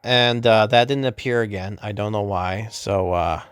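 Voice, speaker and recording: A man's voice: fairly low pitch, normal speed, clear, resonant tone, no echo. Rambling man recapping a game. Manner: rambling, many fillers and self-corrections. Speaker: gaming YouTuber. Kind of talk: casual game story recap.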